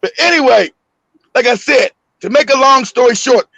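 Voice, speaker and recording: A man telling a story in casual chat, animated and swearing often, acting out the voices in his story and shouting the quotes. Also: extremely high pitch, normal speed, vocal fry, dry recording, poor audio. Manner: swears freely, laughs often.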